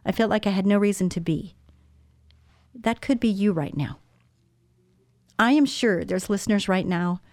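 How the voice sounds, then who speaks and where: A woman in her sixties hosts a Christian radio talk show, speaking in an earnest, personal way straight to her listeners. Her voice sits at an ordinary pitch and comes through close and dry on a studio microphone. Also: normal speed, pauses often, darkish tone, no room sound.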